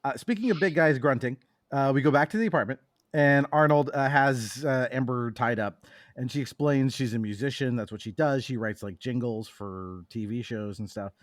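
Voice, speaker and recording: A man's voice: mid-range voice, normal speed, no echo, clean studio sound. A man on a movie podcast steadily recapping a film's plot, with a few fillers. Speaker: podcast panelist. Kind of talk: casual movie podcast chat.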